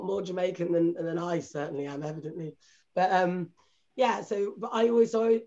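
Woman co-host telling lively stories. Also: medium pitch, vocal fry, muffled recording. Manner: lively storytelling, quick asides. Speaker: podcast co-host. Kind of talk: casual panel chat.

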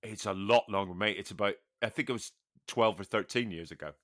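A man's voice: on the low side, brisk, fairly bright tone. A British man co-hosting a podcast, telling anecdotes with mock-outraged banter. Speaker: podcast co-host. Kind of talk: casual comedic chat.

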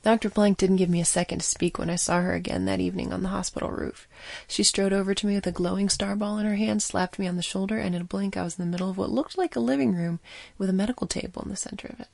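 A woman's voice: medium pitch, steady tone, fast talker, gravelly, a little mellow, no echo. A woman reading a scripted first-person audio drama as narrator, with a wry storytelling manner.

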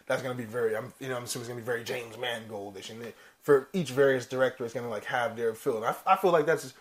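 A man co-hosting a casual pop-culture podcast, animated and swearing freely as he tells stories. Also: medium pitch, rapid-fire. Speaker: podcast co-host. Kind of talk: casual chat.

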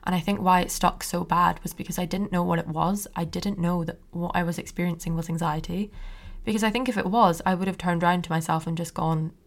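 A young woman talks through her own podcast episode in an open, chatty monologue. Her voice sits on the low side with a gravelly edge. She sounds reassuring and conversational, as if confiding in a listener. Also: steady tone, a little fast. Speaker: podcast host.

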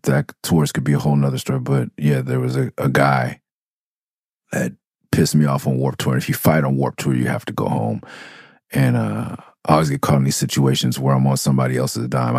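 With a rumbling low voice that's creaky, husky and a little mellow, a middle-aged podcast host and rapper from Los Angeles spins a candid, rambling monologue of raw, profane stories. He restarts and loops back on himself; the clean studio sound has no echo.

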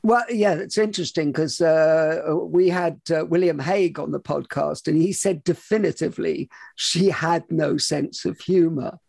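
A man with a high voice and a gravelly edge hosts a podcast. He works as a psychologist and asks chatty questions, often cutting himself off. His voice sounds dry and close. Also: normal speed, few pauses, a little mellow, no room sound. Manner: chatty, questioning, self-interrupting. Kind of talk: podcast interview.

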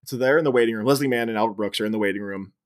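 A man's voice: fairly low pitch, rapid-fire. A man in his thirties, a podcast co-host, casually retelling a film's plot scene by scene and laughing along. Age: 30s. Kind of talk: casual chat.

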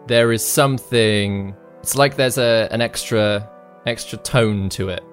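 Man, game master, laid-back narration, music faint under him. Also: fairly low pitch. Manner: relaxed, halting narration with fillers.

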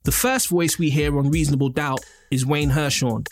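A man reading scripted documentary narration in a measured way. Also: a little high, fairly even intonation, slight background noise.

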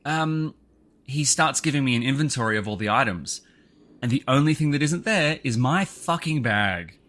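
A man co-hosting a podcast, telling a story in casual chat, animated and full of swings in pitch. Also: moderate pace. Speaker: podcast co-host.

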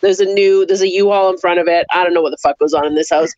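A woman's voice: on the low side, fairly even intonation, fast, darkish tone, dry recording. A woman co-hosting a podcast, venting bluntly with lots of swearing in casual chat, recorded with dry, slightly dull audio. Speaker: podcast co-host.

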